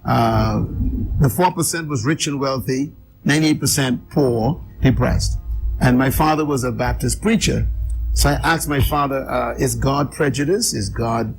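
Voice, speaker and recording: A man recounting his life story as an interview guest, emphatic, with repeated phrases and dramatic pauses. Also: medium pitch, gravelly, over music, rough recording.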